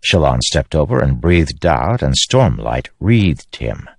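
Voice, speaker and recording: A man narrating a fantasy audiobook with expressive, varied delivery. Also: rumbling low, takes it slowly, no room sound, studio quality. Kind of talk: scripted narration.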